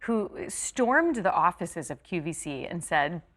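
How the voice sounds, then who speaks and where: A woman from California, a stage actress, chatting as an interview guest, tired and quick with many fillers and restarts. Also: fairly low pitch, big pitch swings. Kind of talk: casual interview chat.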